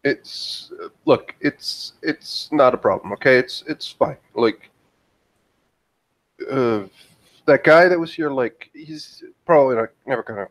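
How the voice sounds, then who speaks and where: A man's voice: mid-range voice, unhurried, natural voice. A man voicing a young female fighter who answers hesitantly, stammering and deflecting questions. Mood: defensive. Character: young woman fighter, evasive and guarded.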